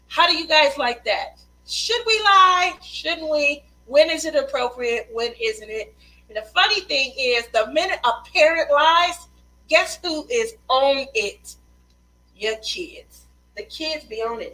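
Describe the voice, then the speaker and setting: A chatty woman hosts a casual craft livestream, laughing often as she reads out viewer comments. Her voice sits high and bright. A faint hum runs behind her. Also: expressive, a little slow, low-quality recording. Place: Las Vegas.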